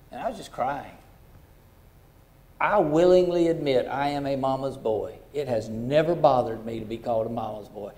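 A middle-aged pastor with a medium-pitched voice tells a personal story during his sermon. His delivery is folksy and heartfelt, swinging between hushed and loud.

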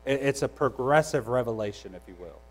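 A man's voice: medium pitch, lively intonation, fairly quick, low-quality recording. A young adult man preaching a sermon in a conversational, storytelling way, with frequent restarts. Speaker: pastor.

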